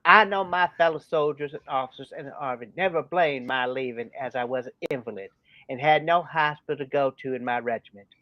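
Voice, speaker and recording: A man's voice: mid-range voice, fairly quick, no echo, natural voice. A man reading as a condemned soldier giving a solemn final statement before his hanging. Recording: dull dry lo-fi sound.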